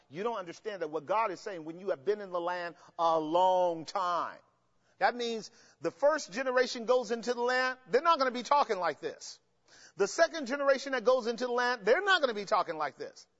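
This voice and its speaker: A man's voice: very high-pitched, a bit bright. A man teaching a Bible study as pastor, asking the listeners to finish his sentences and driving his points home with emphasis. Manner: call-and-response questions, emphatic. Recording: dull sound with long hall reverb.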